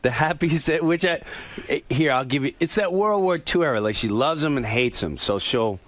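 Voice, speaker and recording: A middle-aged man with a bright, forceful voice, chatting as a talk show guest. He tells his stories animatedly, with pitch leaping around, and laughs often. His voice sits a little high for a man. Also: animated, moderate pace, no echo.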